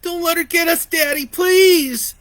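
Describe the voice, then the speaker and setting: A man voicing a terrified little boy who sobs and pleads in a high voice. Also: unhurried, fairly bright tone. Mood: sobbing. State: sobbing.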